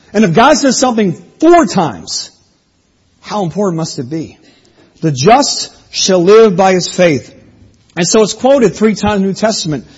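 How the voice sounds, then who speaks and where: A man's voice: high-pitched, darkish tone, breathy edge, muffled recording. A man preaching an expository sermon, reading scripture aloud and explaining it in an earnest teaching manner. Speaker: pastor.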